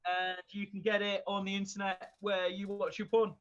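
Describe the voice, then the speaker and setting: A man's voice: high voice, monotone, normal speed, fairly bright tone. Joking man on a lo-fi podcast. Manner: joking, rambling, swears freely, laughs often. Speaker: podcast co-host. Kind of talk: casual chat.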